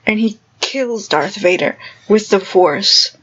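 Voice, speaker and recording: A woman vlogger tells a story at a middling pitch, rambling and giggling as she goes. Her speech is full of fillers. The recording sounds slightly muffled and lo-fi. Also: slow. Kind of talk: casual storytelling to camera.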